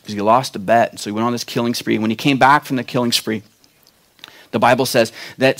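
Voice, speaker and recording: A man preaching a sermon, retelling a Bible story with acted-out quotes and loud, emphatic peaks. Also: mid-range voice, steady tone, brisk. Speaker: pastor.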